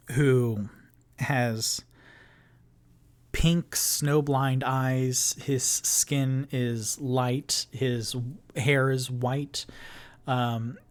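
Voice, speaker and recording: A man narrating as game master of a solo tabletop game, describing scenes in an unhurried way with many fillers. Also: medium pitch.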